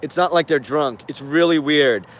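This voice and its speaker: A man's voice: fairly high pitch, moderate pace, slight background noise. A man giving casual spoken commentary on video footage, hesitant and puzzled, often repeating himself.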